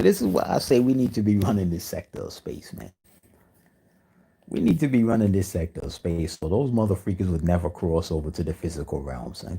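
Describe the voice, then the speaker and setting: A man's voice: low voice, dark tone, slightly rough. A man vlogging a rambling, profane conspiracy rant full of street slang.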